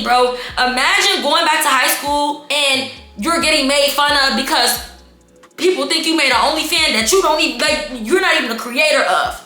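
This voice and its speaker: A woman telling a storytime vlog to her viewers, animated and exasperated, calling them y'all. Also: high voice. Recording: echoey room with faint background music.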